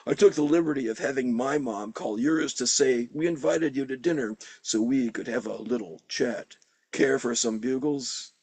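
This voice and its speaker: A man's voice: medium pitch, normal speed, darkish tone, slightly rough, no room sound. A man reading aloud and voicing a pompous, chubby schoolboy gang boss who talks with mock politeness. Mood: smug.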